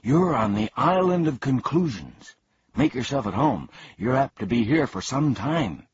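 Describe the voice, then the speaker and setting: A man reading aloud voices a confused, fickle grown man who swings between bragging and moping, with a husky voice. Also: medium pitch, expressive, unhurried, no room sound, pitched above the performer's own voice. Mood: eager. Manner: swings between boastful and mournful. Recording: dull, dry lo-fi recording.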